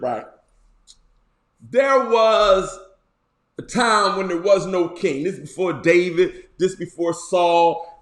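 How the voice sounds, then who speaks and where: High-voiced slow preaching bishop, echoey room. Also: male voice. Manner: folksy preaching, repeats lines with emphasis. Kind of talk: casual sermon. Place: church.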